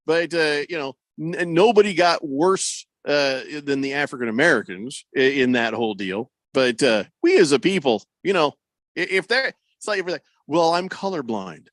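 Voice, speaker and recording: Animated man telling stories on talk radio. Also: on the high side, moderate pace, no room sound. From Irish heritage. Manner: animated storyteller, acts out quotes. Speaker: radio co-host. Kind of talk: casual sports radio banter.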